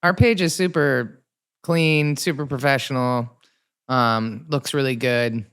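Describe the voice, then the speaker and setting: Smooth-voiced joking podcast co-host. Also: mid-range voice, fairly even intonation, slow, a bit bright. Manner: joking, laughs easily. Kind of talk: casual interview chat.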